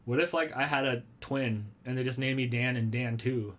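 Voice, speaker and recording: A man's voice: mid-range voice, steady tone, normal speed, fairly bright tone. Chatty man rambling on a live stream. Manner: chatty, rambling and playful, jokes about himself. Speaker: vlogger hosting a live stream. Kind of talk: casual live-stream chat, answering viewer comments. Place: small room at home with a red wall and lava lamps.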